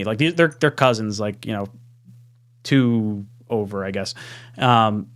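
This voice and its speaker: A man's voice: medium pitch, lively intonation, moderate pace, a bit bright. Easygoing man hosting a podcast. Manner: laughing, easygoing. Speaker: podcast host. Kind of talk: casual chat, reading live chat.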